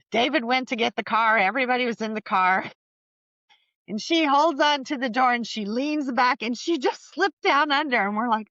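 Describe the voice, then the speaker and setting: A middle-aged woman, a podcast guest, telling family stories in a chatty, animated way with lots of fillers. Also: a little high, no echo, dull audio. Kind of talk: casual storytelling conversation.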